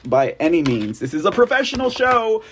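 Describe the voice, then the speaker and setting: A man's voice: sits high, very animated, brisk, a little hiss or hum. Chatty, laughing man hosting a live show. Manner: chatty and rambling, laughs often. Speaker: host. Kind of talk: casual live-show chat. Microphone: phone.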